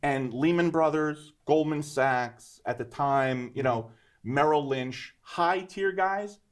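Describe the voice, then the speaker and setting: Male guest, 50s, animated storyteller with conversational asides. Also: a little high, slow pace. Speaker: guest entrepreneur.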